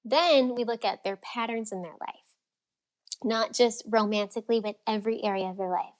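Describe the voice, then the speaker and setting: A woman speaking as a guest coach in a casual podcast interview, talking in a lively way and acting out the voices of people she quotes. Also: a little high, normal speed. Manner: animated, acts out quoted voices. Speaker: freedom and fulfillment coach, guest.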